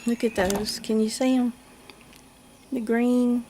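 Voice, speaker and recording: High-voiced woman gushing slowly. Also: steady tone, warm tone, slight background noise. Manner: gushing, giggly, talks to viewers and the doll. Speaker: doll collector vlogger. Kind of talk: casual unboxing vlog. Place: home nursery. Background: birds chirping.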